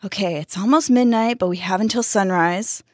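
A woman's voice: medium pitch, moderate pace, no echo, studio quality, lightly acted. Woman doing a bossy scared teen boy. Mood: tense. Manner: tense, commanding.

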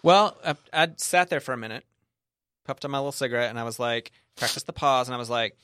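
A man's voice: mid-range voice, fast, a bit bright, smooth, no room sound. A man with a mid-range voice recounts a chaotic trip in casual conversation. He rambles, breaks off and restarts his sentences. The recording is dry and close. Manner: rambling, restarts often, laughs along. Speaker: guest telling a travel story. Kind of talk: casual chat.

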